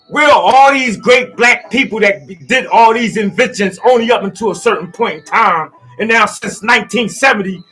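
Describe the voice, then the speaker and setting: Man, high voice, bright, preachy rambling monologue, faint music behind. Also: husky. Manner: preachy, rambling, swings from loud outbursts to low asides. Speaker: speaker giving a motivational talk. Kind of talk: fired-up motivational monologue.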